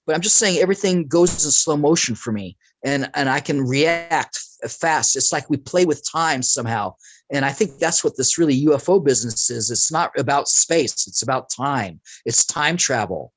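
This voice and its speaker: A man talking as a guest, telling a long story in a rambling, animated way and jumping between tangents. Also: on the high side, normal speed, no room sound, poor audio. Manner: rambling, animated, acts out quoted speech. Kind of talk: casual storytelling in conversation.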